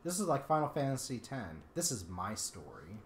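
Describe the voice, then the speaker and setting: A woman's voice: rumbling low, sing-song, normal speed, a little hiss or hum. A woman co-hosting a gameplay video, chatting casually and teasing her partner with jokes. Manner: joking, teasing, playful. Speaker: let's play co-host. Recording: roomy echo.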